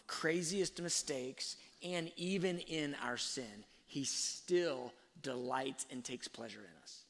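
A man giving a sermon-like talk on faith and parenting, telling stories slowly and reflectively, with fillers and restarts. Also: mid-range voice, gravelly, a bit bright. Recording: long hall reverb.

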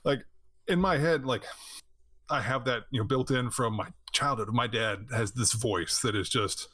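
Podcast host, thirties man, animated storyteller, mid-pitched, dry close sound. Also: moderate pace, no room sound. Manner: animated storyteller, laughs often, acts out quotes. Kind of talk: casual chat.

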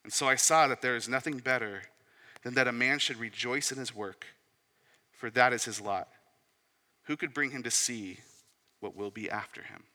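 A man in his thirties delivers a sermon, his very bright and forceful voice mixing scripture reading with casual, conversational asides. He often poses rhetorical questions. The sound carries a long reverb, as from a large hall. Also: mid-range voice, moderate pace, long pauses. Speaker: pastor.

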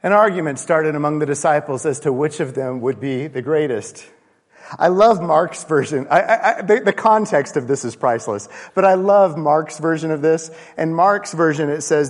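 Male pastor, fairly high voice, church hall with long reverb. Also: moderate pace. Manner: conversational preaching, rhetorical questions, playful asides. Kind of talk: sermon.

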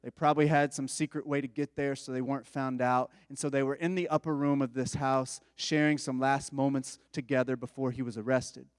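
A man's voice: medium pitch, fairly even intonation, brisk, few pauses, no room sound, studio quality, big-room sound. A man preaching a sermon in a conversational style, with informal asides to the congregation. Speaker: pastor.

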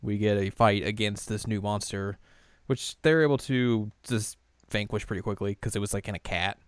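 A man co-hosting a podcast, recapping an episode in a casual, animated way with frequent laughs. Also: lowish voice, normal speed, clean tone, no echo, clean studio sound. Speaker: podcast co-host.

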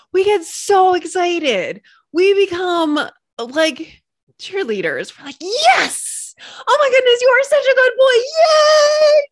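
Woman host, solo podcast, excitable cheerleader energy, lively pitch swings, dry close mic. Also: dry recording. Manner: bubbly, swings into high squealing cheerleader praise. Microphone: computer mic.

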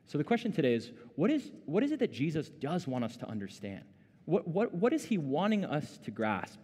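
A man's voice: a little high, huge pitch swings, brisk, mellow, husky. A man preaching a sermon as pastor, conversational with many fillers, growing more intense when he voices questions. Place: church sanctuary. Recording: long reverb of a church hall.

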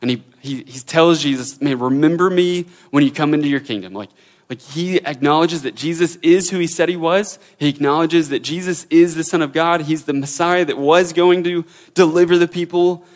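A man's voice: on the high side, normal speed. A man preaching a sermon as a pastor, earnest and searching for words, often repeating himself.

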